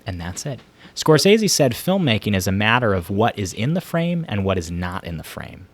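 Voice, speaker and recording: A man's voice: on the low side, very animated, moderate pace. Emphatic male movie podcast host. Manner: emphatic, repetitive questioning. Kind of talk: casual chat.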